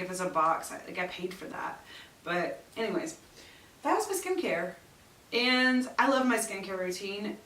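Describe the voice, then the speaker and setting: A woman's voice: medium pitch, a bit bright, far from the mic. Middle-aged woman, casual reviewer, blunt and chatty, set back from the mic in a roomy echo. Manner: chatty, blunt, exasperated asides. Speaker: beauty vlogger. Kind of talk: casual product review chat.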